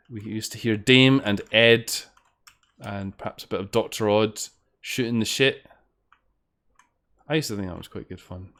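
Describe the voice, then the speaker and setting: A man giving rambling, casual commentary while streaming a game, swearing now and then. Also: fairly low pitch. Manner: rambling, chatty, swears when frustrated. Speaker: streamer playing fangames.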